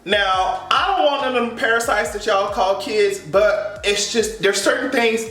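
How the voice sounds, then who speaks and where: A man giving sassy, animated pop culture commentary, swearing freely and laughing often. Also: high voice, unhurried, faint music behind. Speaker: vlogger. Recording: echoey room, mic at a distance.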